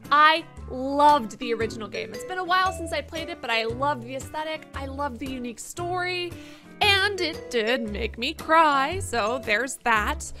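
A woman's voice: high-pitched, expressive, over music. A woman hosting a let's play, chatting casually and playfully as she comments on the game and cracks jokes. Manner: playful, jokey, quick to exclaim.

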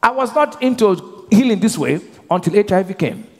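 A man's voice: high voice, expressive, moderate pace. A male pastor preaching a sermon, drawing the congregation into call-and-response by leaving his sentences open for them to finish. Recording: long reverb of a church hall.

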